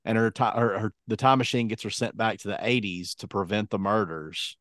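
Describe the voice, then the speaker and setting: A man's voice: lowish voice, fairly quick, no room sound, studio quality. A man co-hosting a podcast, casual and jokey, acting out quotes as he tells stories. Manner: animated, jokey storytelling with acted-out quotes. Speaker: podcast co-host. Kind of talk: casual chat.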